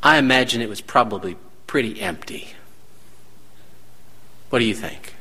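Guy preaching in a church, lively swooping delivery, lots of questions to the crowd, reverby hall. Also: mid-range voice, moderate pace, breathy edge. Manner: dramatic, rhetorical questions to the congregation. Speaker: pastor. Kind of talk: sermon.

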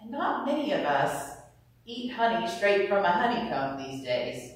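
Calm woman teaching bible practices, steady explainer tone, lots of room echo. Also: medium pitch, recorded from a distance. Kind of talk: teaching on scripture meditation. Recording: roomy echo, voice somewhat off-mic.

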